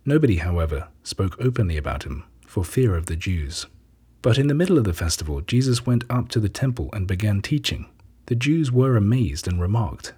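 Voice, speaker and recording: A man giving a steady scripted scripture reading in a husky voice. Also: lowish voice, a little fast. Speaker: reader.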